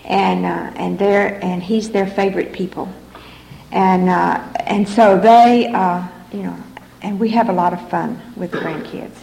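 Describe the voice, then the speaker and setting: A woman's voice: mid-range voice, steady tone, measured pace, gravelly, mellow, echoey room, low-quality recording. An older woman sharing her personal story at a recovery meeting, frank and folksy, with a wry sense of humor. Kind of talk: personal testimony to a meeting audience.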